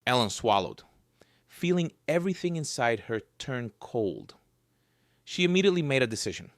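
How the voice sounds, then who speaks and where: A man narrating a scripted story in a lively, varied storytelling voice. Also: mid-range voice, moderate pace, no room sound, clean studio sound.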